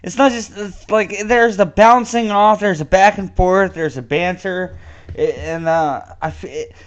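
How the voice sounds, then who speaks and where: A young man chats loosely as a podcast co-host, his high voice climbing as he laughs. His speech runs a little slurred, and he rambles through stories, cursing freely. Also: measured pace, clean tone, highs cut off. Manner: rambling, laughs often, swearing. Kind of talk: casual chat.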